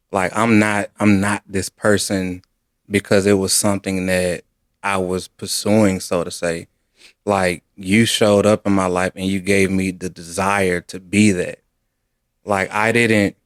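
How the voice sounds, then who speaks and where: A man in casual chat with his wife, earnest and deliberate, slowing down to stress his words. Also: sits low, no echo, clean studio sound. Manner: earnest, deliberate, speaks slowly for emphasis. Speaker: co-host of a couples channel.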